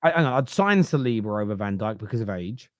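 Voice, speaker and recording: A man's voice: on the low side, lively intonation, fast, no room sound, studio quality. A man with a Southern English accent hosting a football podcast, thinking aloud with frequent restarts and making a case point by point. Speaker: podcast host. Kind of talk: casual chat.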